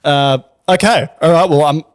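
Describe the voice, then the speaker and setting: A man co-hosting a casual podcast, halting and self-mocking. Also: on the high side, clear, resonant tone. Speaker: podcast co-host.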